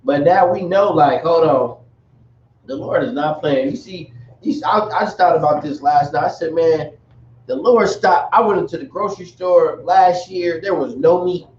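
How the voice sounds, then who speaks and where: A man's voice: a little high, normal speed, a little mellow, a little hiss or hum. A man giving a casual, rambling religious lesson with jokey asides. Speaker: religious teacher. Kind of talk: casual teaching talk. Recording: echoey dull recording from far off.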